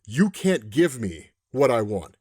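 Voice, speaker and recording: Man reads a grim gunslinger Death, slow and low, lively pitch in his menace. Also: slightly rough, no room sound, clean studio sound, full character voice. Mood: menacing.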